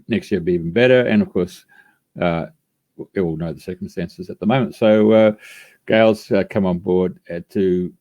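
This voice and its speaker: A man's voice: low voice, mellow. A man hosting a live radio show, introducing a guest in a rambling way with many fillers. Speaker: radio host.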